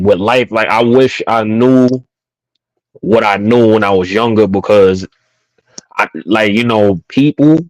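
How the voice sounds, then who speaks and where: A man's voice: on the low side, a little mellow, no room sound, rough recording. A man talking in casual chat, laid back and reflective, with many fillers.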